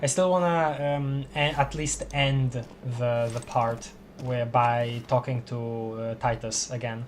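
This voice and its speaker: A man's voice: mid-range voice, steady tone, slow, few pauses, faint music behind. A man streaming a playthrough of a game, who laughs often and reads the game text aloud with stumbles. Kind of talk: casual game playthrough commentary.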